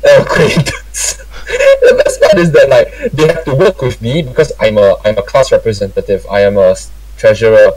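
His voice fairly low and darkish, with big pitch swings, a young storytime podcast host talks fairly quickly in a casual chat. Laughter, casual swearing and Singlish particles run through his speech, recorded dry with no echo on a distant mic.

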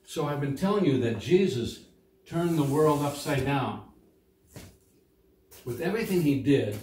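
A man's voice: on the high side, animated, unhurried, mellow, slight background noise. A man teaching young children a Bible lesson, reading scripture and explaining it in simple words. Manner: simple, plain explanations for kids, reads quoted lines with lifted voice. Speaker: children's Sunday school teacher. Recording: echoey room.

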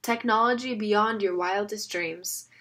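A woman reading aloud as a sarcastic, smooth-talking villain, a middle-aged man with a mocking, wheedling manner. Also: medium pitch, a little slow, fairly bright tone, close to an everyday voice. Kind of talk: audiobook reading.

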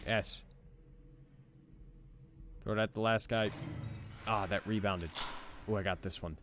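A man's voice: on the low side, fairly even intonation, a little slow, background noise. A young man giving let's play commentary as he plays, frustrated, swearing and repeating himself. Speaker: gaming channel host.

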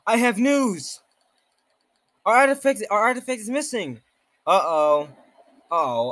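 Man, game streamer, jumpy exclaiming commentary, high voice, lively swooping pitch. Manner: jumpy, exclaims often, reads game text aloud. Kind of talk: gameplay commentary.

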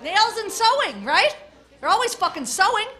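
Brash high-voiced woman doing crude stand-up. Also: big pitch swings, normal speed. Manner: brash, crude, heckles the audience. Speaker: stand-up comic. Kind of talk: live stand-up comedy. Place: comedy club stage with a live audience. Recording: live club recording with crowd laughter and noise.

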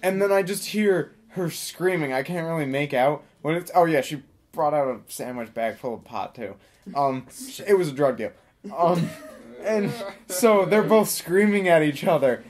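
A young man telling a story casually, rambling with many fillers and deadpan asides. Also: fairly high pitch, normal speed.

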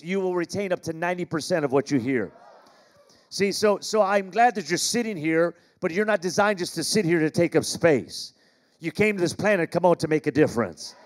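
A middle-aged American man from Los Angeles preaches to his congregation in a slightly high voice. He cracks jokes and keeps asking the crowd to repeat lines back to him. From Los Angeles, California. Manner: jokey, calls for audience responses. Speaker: pastor. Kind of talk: sermon. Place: large church auditorium.

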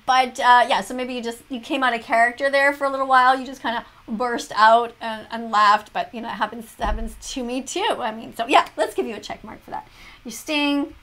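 A woman's voice: a little high, a little fast, a bit bright. A woman teacher reacting to a video, lecturing and moralizing as if grading a class. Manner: lecturing, moralizing, grades with check marks. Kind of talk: reaction commentary in mock-classroom style.

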